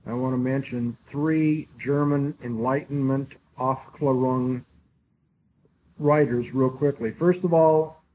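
A man's voice: medium pitch, fairly even intonation, takes it slowly. A man giving a classroom lecture who spells out names and repeats his key phrases. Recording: tinny lo-fi recording with faint hiss.

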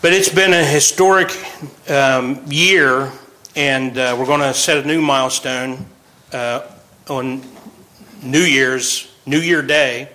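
A man's voice: mid-range voice, steady tone, slow pace, pushed and bright, rough recording. A man over forty giving an informal sermon, chatty and joking, often laughing between points. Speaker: pastor.

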